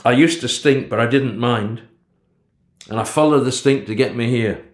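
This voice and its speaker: Guy putting on a gruff dad, blunt, kinda loud, echoey room. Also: mid-range voice, normal speed, close to an everyday voice. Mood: gruff tender. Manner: blunt, plain-spoken. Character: rough working-class father, gruff yet tender. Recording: roomy echo.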